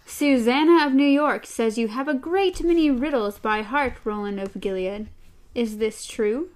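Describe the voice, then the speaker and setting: A woman reading aloud as a calm, playful machine intelligence, in an untroubled and inviting manner. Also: on the high side, unhurried, lightly acted. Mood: serene.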